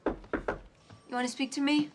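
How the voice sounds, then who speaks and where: A woman's voice: high voice, level tone, normal speed, noisy background, natural voice. An actress playing a frustrated female homicide detective who speaks tersely and insistently in a film drama.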